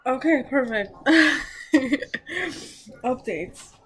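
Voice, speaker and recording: A woman's voice: a little high, lively intonation, extremely slow. Rambling, self-mocking young woman eating on camera. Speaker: mukbang vlogger. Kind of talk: casual eating-show chat. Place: at home.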